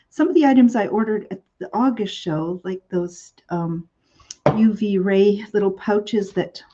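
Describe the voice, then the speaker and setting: A woman's voice: mid-range voice, dark tone, lo-fi sound. A woman hosting a live shopping show, chatting in a rambling way with many fillers.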